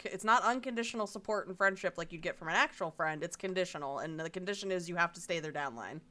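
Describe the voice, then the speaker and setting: A woman's voice: lowish voice, animated, fast talker, pushed and bright. A married woman co-hosting a casual stream, talking animatedly with lots of fillers and swearing. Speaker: co-host guest. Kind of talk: casual chat.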